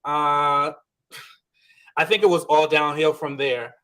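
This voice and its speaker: Male podcast co-host, casual recap talk, animated, slightly high voice. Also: slow pace. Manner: chatty, animated, acts out quoted lines. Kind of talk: casual reality-show recap.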